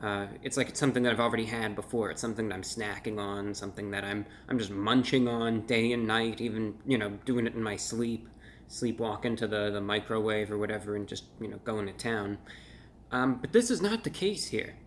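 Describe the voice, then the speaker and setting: A man's voice: on the low side, brisk, a little hiss or hum. A man hosting a casual food review at home, rambling and joking at his own expense with many restarts. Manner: rambling, self-deprecating, with restarts and playful asides.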